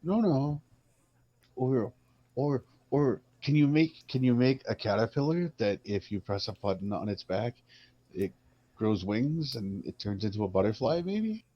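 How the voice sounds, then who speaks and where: A man's voice: mid-range voice, expressive, measured pace. A man playing in a tabletop game, asking playful, earnest questions in a casual way. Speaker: player. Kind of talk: casual tabletop role-play. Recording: dull lo-fi sound.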